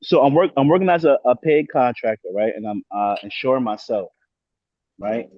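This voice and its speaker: A man's voice: medium pitch, normal speed, dry recording. A man taking part in a webinar, asking a question hesitantly with many "um"s. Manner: hesitant, restarts with "um". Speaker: webinar participant. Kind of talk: casual question. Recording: dry, dull lo-fi audio.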